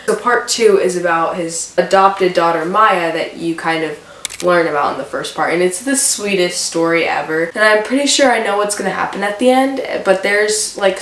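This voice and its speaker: A woman's voice: fairly low pitch, fairly bright tone, far from the mic. A young woman vlogging about books, chatty, gushing and emotional. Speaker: book vlogger. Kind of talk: casual chat. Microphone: camera mic. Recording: roomy echo, from off the mic, faint hiss.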